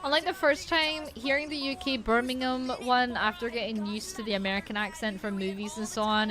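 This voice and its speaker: A woman streamer with a Polish accent talks casually while she plays. Her voice sits a little high, and her talk is loose and chatty, with the odd swear word and a lot of restarted sentences. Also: fairly even intonation, fairly quick, hardly any pauses, fairly bright tone. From Poland.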